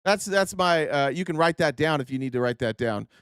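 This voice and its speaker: A man's voice: fairly high pitch, animated, brisk, fairly bright tone, smooth, no room sound, studio quality. A man hosting casual political commentary, sarcastic and profane, often mocking his opponents in mock voices.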